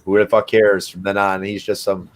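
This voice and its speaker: A man's voice: low-pitched, flat delivery, normal speed, a little hiss or hum. A man chatting casually as a guest, rambling loosely and swearing now and then. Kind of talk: casual chat.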